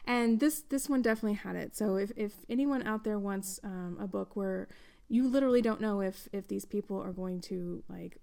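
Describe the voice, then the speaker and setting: A woman's voice: medium pitch, normal speed, creaky, mellow. A woman hosting a podcast, interviewing a guest in a chatty, casual way with many fillers. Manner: chatty, laughs often, filler-heavy. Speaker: podcast host.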